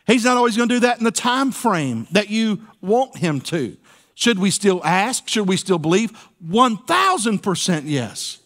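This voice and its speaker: High-voiced preacher, folksy and playful. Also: male voice. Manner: folksy, playful preaching with call-and-response asides. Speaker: senior pastor. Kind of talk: sermon. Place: church sanctuary.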